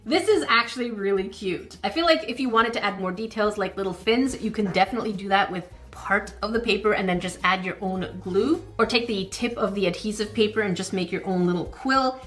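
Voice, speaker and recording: A woman at a mid-pitched, ordinary speaking level narrates a hands-on craft kit review. She chats along as she works, cheering herself on and breaking into flustered little exclamations. Light music sits faintly under her voice. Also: fairly bright tone. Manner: chatty, self-encouraging, easily flustered with quick exclamations. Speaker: craft channel host.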